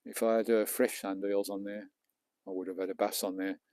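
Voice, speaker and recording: A man's voice: on the low side, level tone, brisk, a little mellow, dry recording. A British man live-streaming from a beach while fishing, chatting casually and bantering with viewers, with some mild swearing. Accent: British English. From England. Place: outdoors on a beach at night.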